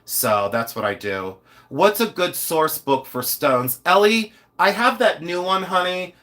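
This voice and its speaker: A middle-aged man hosting a live stream, chatting to viewers and showing off jewelry in an animated, rambling way with many asides. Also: high-pitched, unhurried.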